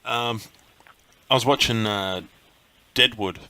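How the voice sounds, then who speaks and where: A man's voice: mid-range voice, slow pace, crowd noise. A man hosting a casual interview, laid-back and swearing freely. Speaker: interviewer, website host.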